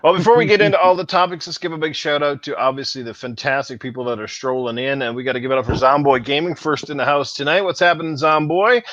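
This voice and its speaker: A man hosting a casual gaming podcast, giving hyped announcer-style shout-outs to guests and viewers. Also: fairly high pitch, fast, hardly any pauses, dry recording, dull audio. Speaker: podcast host.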